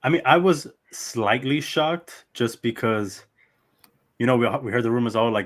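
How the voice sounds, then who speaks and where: A man's voice: medium pitch, unhurried, fairly bright tone. A man co-hosting a podcast in casual chat, chuckling and explaining at length. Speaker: podcast co-host.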